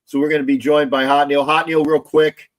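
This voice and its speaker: Loud gloating man hosting a sports livestream. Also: on the high side, little pitch movement, brisk. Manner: loud, gloating, profane, repetitive. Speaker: livestream host. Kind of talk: casual sports livestream chat.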